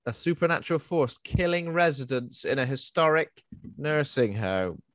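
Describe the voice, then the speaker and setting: A man's voice: fairly high pitch, animated, normal speed, fairly bright tone, no echo, studio quality. A man co-hosting a casual podcast chat, rambling with fillers. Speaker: podcast co-host.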